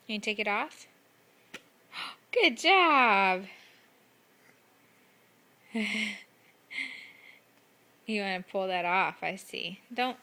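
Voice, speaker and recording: A woman's voice: medium pitch, bright, forceful tone. A mother at home talking to her toddler in a coaxing, sing-song voice. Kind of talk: casual talk to a toddler. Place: at home indoors.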